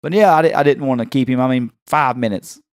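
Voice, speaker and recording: A man with a Tennessee accent tells a story on a casual podcast at a rapid clip. He is animated and jumps into other people's voices as he goes. The sound is dry and close. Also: medium pitch, clear, resonant tone, no echo. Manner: animated, acts out quoted voices. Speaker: podcast host.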